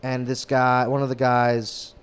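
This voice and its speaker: A young man, a guest comedian, talking casually on a podcast and rambling through fillers and restarts into animated stories. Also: medium pitch, unhurried, smooth. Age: young adult. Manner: animated storyteller who sings impressions.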